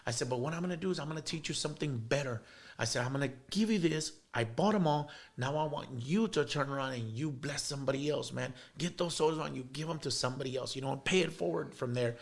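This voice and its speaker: A man's voice: fairly high pitch, quick pace, vocal fry. A man, telling a heartfelt story as an interview guest, rambling with many fillers and bits of Spanish slang. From South Texas.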